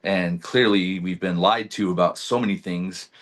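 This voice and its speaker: Low-voiced man telling an animated story. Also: moderate pace. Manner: animated, swears freely, acts out his own past lines. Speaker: podcast guest. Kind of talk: casual storytelling chat.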